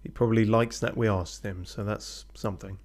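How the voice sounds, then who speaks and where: Low-voiced man casually commentating a game. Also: fairly even intonation, brisk, a little mellow. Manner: offhand, swears casually, mutters asides. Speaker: streamer playing a game.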